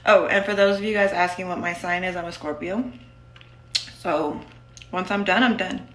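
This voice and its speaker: A woman's voice: fairly low pitch, normal speed, fairly bright tone, echoey room. A woman telling her own story in a casual, candid, blunt way, full of "like". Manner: candid and blunt, with many fillers of "like".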